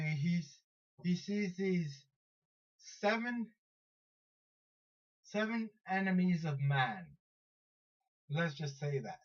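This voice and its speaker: A high-voiced man retells a superhero story at an unhurried pace, stumbling over restarts and fillers as he goes. The recording sounds dull and lo-fi. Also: fairly bright tone. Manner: rambling, halting, many restarts and fillers. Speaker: vlogger counting down superheroes.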